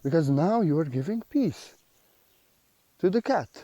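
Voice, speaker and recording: Mellow-voiced man giving spiritual teaching. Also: on the high side, animated, unhurried, no room sound. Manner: repetitive, earnest, slightly unidiomatic phrasing.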